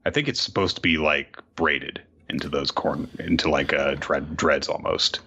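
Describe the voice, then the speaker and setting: Low-voiced male podcast co-host, punchy tone, relaxed and chuckling, slightly dull recording. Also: normal speed, husky. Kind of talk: casual chat recapping a comic. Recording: dull lo-fi mic.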